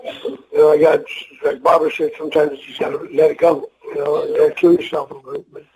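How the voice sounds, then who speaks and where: A man's voice: a little high, little pitch movement, brisk, darkish tone, low-quality recording. An older man, a retired wrestler, telling rambling, profane, emotional stories in a casual interview. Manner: rambling, profane, emotional storyteller who acts out voices.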